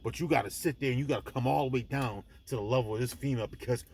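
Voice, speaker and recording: A man's voice: medium pitch, racing, hardly any pauses, a little mellow, slightly rough. A man hosting his own vlog, delivering a blunt, emphatic, preachy monologue with frequent restarts, speaking from an airport. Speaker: vlog host. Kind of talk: impassioned monologue to the camera.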